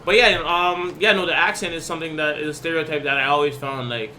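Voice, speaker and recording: A man's voice: on the high side, steady tone, fast, background noise. A young man hosting a podcast, chatting casually and joking, often restarting his sentences. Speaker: podcast host. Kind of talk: casual chat.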